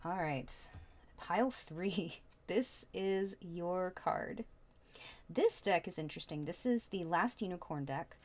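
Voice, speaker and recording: Woman, tarot reader, casual reading, rambling chatty delivery, lower voice. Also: animated, slow, a little mellow.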